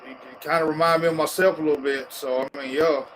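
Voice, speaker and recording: A man's voice: a little high, fairly even intonation, fast, a little hiss or hum, rough recording. Laid-back Georgia-accented man. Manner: laid-back, drawling, profane slang. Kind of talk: casual chat.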